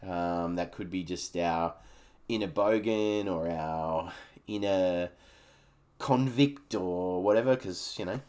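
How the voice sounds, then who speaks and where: A man's voice: sits low, slow, a little mellow. An Australian man in his thirties, hosting his own podcast in a rambling, frank chat that swears freely. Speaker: podcast host. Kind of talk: casual solo podcast chat.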